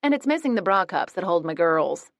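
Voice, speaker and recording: Woman narrator as brash older grandma, loud, oversharing, wide swings in pitch. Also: sing-song, a little fast, vocal fry, no echo, clean studio sound. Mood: boastful.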